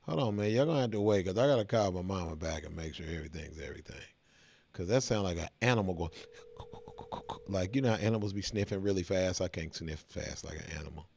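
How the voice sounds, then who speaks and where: A man's voice: low-pitched, fast talker, vocal fry, a little mellow. A middle-aged American man hosting a reaction video, talking to his viewers in a laid-back, chatty way. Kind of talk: casual reaction commentary.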